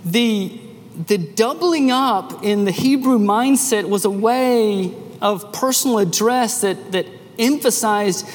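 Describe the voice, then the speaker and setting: A man preaching a sermon as pastor, emphatic and animated, restarting his phrases as he builds each point. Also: very high-pitched, slight background noise. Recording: long echo of a hall, faint ambience.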